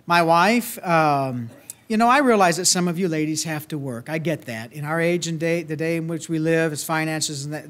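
High-voiced Southern pastor preaching. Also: male voice, fairly bright tone. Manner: folksy, earnest preaching with many fillers and restarts. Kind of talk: sermon.

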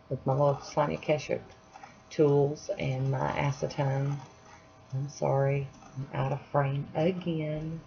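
A woman's voice: low-pitched, little pitch movement, takes it slowly, vocal fry, warm tone. A woman chatting casually through a nail art tutorial at home, apologetic and self-deprecating as she works. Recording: dull lo-fi sound, faint hiss.

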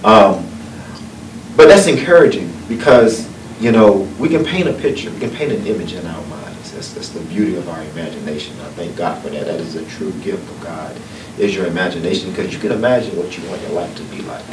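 A Southern man from North Carolina speaks briskly in a low voice, a guest at a book event telling folksy personal stories. Earnest in manner, he builds to uplifting, motivational points; the sound is far-off, noisy and echoey.

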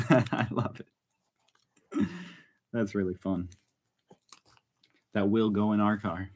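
A man's voice: lowish voice, steady tone, drawn-out words, a little mellow, a little hiss or hum. A man hosting a casual unboxing vlog, chatting and laughing often as he opens parcels. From United States. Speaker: vlog host. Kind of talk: casual chat while unboxing.

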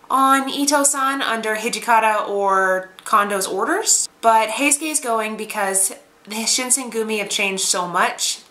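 A woman's voice: on the high side, pushed and bright. A woman recapping an anime episode as a reviewer, chatty and sarcastic. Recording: roomy echo.

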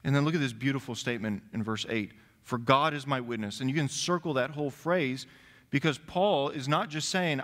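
Man preaching in a reverberant church. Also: medium pitch. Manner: expressive preaching, reading scripture aloud and pausing on key words. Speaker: pastor. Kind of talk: sermon. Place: church sanctuary. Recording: long reverb of a church hall.

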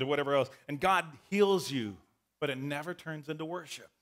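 Male pastor, sermon delivery, bright forceful tone, slightly high voice, animated storytelling. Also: normal speed. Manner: animated, acts out the story with shouts.

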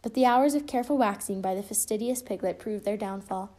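A woman reading a children's storybook aloud with expressive delivery. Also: mid-range voice, brisk. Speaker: storybook reader.

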